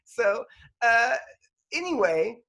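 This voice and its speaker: A man's voice: very high-pitched, very animated, slow, sharp tone. Guy cohosting a football podcast, voice jumps all over, kinda rambly and self-deprecating. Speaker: podcast co-host. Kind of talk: casual football chat.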